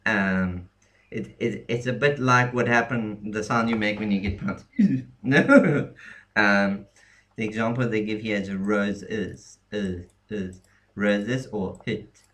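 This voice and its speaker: Male teacher, unhurried and halting, slightly low voice, casual tutorial read. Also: fairly even intonation, a bit bright. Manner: halting, many ums and restarts. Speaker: language teacher. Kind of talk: casual screen-share lesson.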